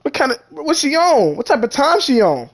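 A man's voice: very high-pitched, big pitch swings, brisk. A young man, doing comedic let's-play commentary and talking to game characters in a mock-dramatic way. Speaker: gaming YouTuber. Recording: game music underneath.

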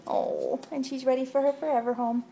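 High-voiced woman cooing at a cat. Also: huge pitch swings, a little fast, creaky, warm tone, slight background noise. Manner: cooing baby talk to a cat. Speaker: shelter volunteer showing an adoptable cat. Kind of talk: casual filmed pet showcase. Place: animal shelter, indoors by cages.

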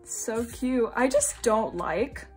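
A woman's voice: on the high side, expressive, slow, a little mellow, breathy edge, faint music behind. Gushing young woman with squealy laughs. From Singapore. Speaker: unboxing vlogger. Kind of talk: excited casual unboxing chat. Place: home.

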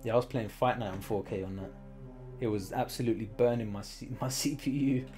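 A man with a British accent giving casual commentary while he plays a video game. He is chatty, then drops into quiet muttering while he concentrates. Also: medium pitch, fairly quick, faint music behind. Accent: British English. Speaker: gaming streamer.

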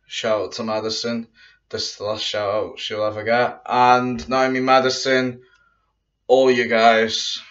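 With a mid-range, slightly bright voice, this man rambles through a casual farewell to his viewers, speaking to the camera from a room at home. He keeps circling back and leaning on the filler "but yeah, guys." The recording sounds dull and lo-fi, picked up by a distant mic.

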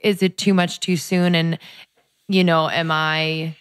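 Low-voiced chatty woman podcast host. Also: flat delivery, measured pace, clear, resonant tone. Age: 30s. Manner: chatty, rambling, heavy use of "like". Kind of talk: casual chat.

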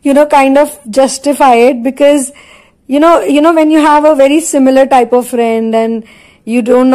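A woman delivers an intuitive tarot reading in a fairly high voice. She rambles and fills her talk with frequent fillers as she describes what she senses. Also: mellow, poor audio. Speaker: tarot reader.

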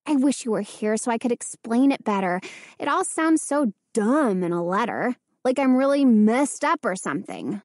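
A woman's voice: a little high, very animated, moderate pace, a little mellow, no echo, clean studio sound. A woman doing a frightened teenage girl. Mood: chatty.

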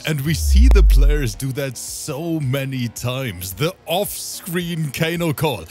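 A man calling a fighting-game match live, with chatty, energetic play-by-play. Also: fairly high pitch. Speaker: esports commentator. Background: game music.

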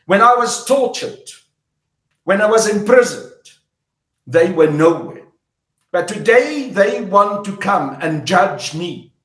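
A man's voice: high-pitched, lively intonation, slow pace, pauses often, fairly bright tone, echoey room. An older man with a South African accent, giving an angry, defiant public statement in an emphatic, declamatory way. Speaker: politician.

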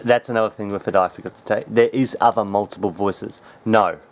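Relaxed man explaining tech. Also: on the low side, quick pace, noisy background. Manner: relaxed, chatty, with frequent ums. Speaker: tech tutorial host. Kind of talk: casual how-to walkthrough.

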